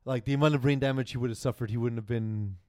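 A man's voice: medium pitch, steady tone, fast talker, a little mellow, no echo. A man recounting stories in an easygoing sports conversation. He stumbles into sentences with repeated words, then carries on steadily. The recording is dry and close-miked. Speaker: co-host. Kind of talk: casual sports chat.

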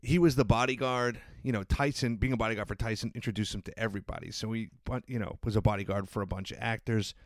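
A man hosts a podcast and introduces his guest in a relaxed, rambling way, with plenty of fillers. His voice sits a little low for a man. The sound is dry and close, with no room echo. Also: fast talker, few pauses. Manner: loose and chatty, full of fillers. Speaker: podcast host. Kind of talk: casual introduction and chat.

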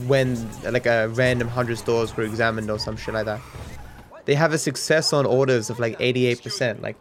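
Dry-humored Australian man, rambling casually. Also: mid-range voice. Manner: dry deadpan joking, meandering with restarts. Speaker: streamer answering viewer questions.

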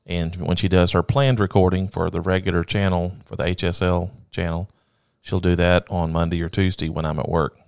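A laid-back man co-hosting a casual podcast, easygoing and joking. His voice sits fairly low. The recording is dry and close, with no room sound. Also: little pitch movement, normal speed, gravelly, clear, resonant tone, dry recording. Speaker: podcast co-host. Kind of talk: casual chat.

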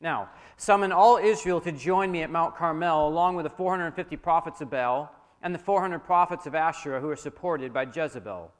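A man voicing a defiant old male prophet who speaks out loud and forceful, with long hall reverb. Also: a little high, fairly quick, hardly any pauses, pitched above the performer's own voice, natural voice. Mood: commanding.

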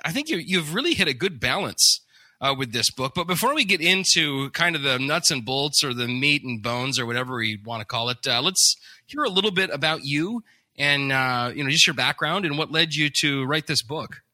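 A man's voice: on the high side, animated, normal speed, pushed and bright. A man hosting a podcast interview, chatty and joking, asking long rambling questions. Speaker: podcast host.

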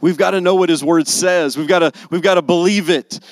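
A male pastor delivering a sermon in a slightly higher voice, pressing his points with mounting intensity. The sound is dry and close, with no room echo. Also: fairly even intonation, a little fast. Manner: rising to emphatic intensity on key lines.

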